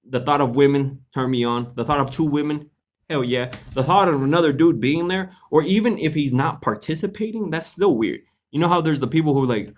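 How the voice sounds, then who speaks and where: A young man hosting a live question-and-answer stream, chatting casually in a laid-back, joking, slangy way and laughing often. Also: mid-range voice. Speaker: livestream host answering viewer questions.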